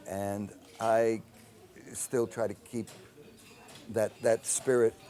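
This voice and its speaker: Low-voiced man telling an animated story. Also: slow. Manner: animated storyteller, acts out quoted dialogue. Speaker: film composer. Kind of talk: anecdotal interview storytelling.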